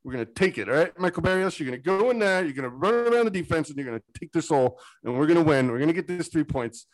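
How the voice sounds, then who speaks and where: A man talks in a casual sports podcast, excitable and rambling as he drifts between tangents. His voice sits a little high for a man. The recording is dry and close, with no room sound. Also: fast talker, dry recording, rough recording. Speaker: podcast co-host.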